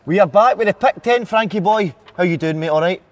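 A man's voice: high-pitched, fairly quick. A man hosting a podcast, asking questions with upbeat banter. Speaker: podcast host. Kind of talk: casual podcast chat.

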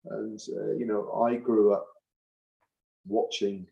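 A man's voice: fairly low pitch, little pitch movement, takes it slowly, gravelly, highs cut off. A middle-aged man, a retired rugby forward, talking in an interview, emphatic and repeating phrases for force. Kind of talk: impassioned interview talk.

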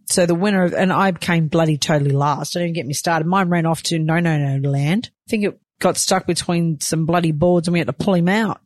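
A woman's voice: fairly low pitch, no room sound. A woman with an Australian accent, a reality show cast member talking candidly and emphatically in a confessional, with casual swearing.

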